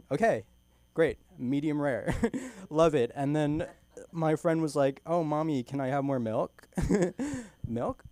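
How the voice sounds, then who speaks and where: A young man from California works through a rambling stand-up set at an open mic. He keeps breaking into giggles at his own jokes. His voice sits at an ordinary middle pitch, heard through a stage mic in a small club. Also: mellow, no room sound. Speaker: stand-up comedian.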